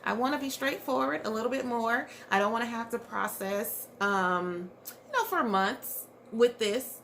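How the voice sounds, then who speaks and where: A woman's voice: a little high, normal speed, creaky, a bit bright, a little hiss or hum. A woman mental health therapist talking candidly to her viewers in a loose, conversational way, with plenty of fillers and restarts. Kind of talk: casual talk to camera.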